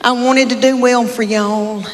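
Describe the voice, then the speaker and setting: A woman's voice: fairly high pitch, steady tone, a little slow. Southern woman in a reverberant hall. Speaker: guest speaking to an audience. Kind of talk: speech to an audience. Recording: reverberant hall with faint ambience.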